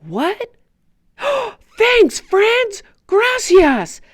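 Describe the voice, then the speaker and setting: A woman voicing an eager, forgetful little boy in a children's lesson, excitable and given to gasps. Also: extremely high pitch, extremely slow, no room sound, studio quality, heavily acted. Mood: excited. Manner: excitable, gasping, playful.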